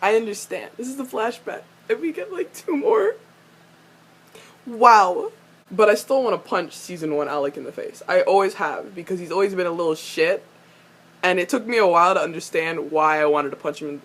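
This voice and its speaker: Brisk and a little breathy, a young woman runs through a casual fan recap of a TV episode. She's excitable and foul-mouthed, alternately adoring and scolding the characters, with plenty of laughter and high-pitched squeals.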